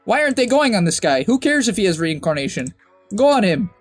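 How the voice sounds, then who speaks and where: A young man coaching over a game replay in casual, chatty commentary that bursts into exasperated shouts and laughter. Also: sits high, big pitch swings, fast talker, no echo, faint music behind.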